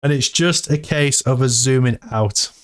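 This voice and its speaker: A man giving casual, excitable commentary to his viewers while reading through a crypto AMA. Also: medium pitch, moderate pace. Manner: excitable, hyped, talks to viewers as "team". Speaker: crypto vlogger.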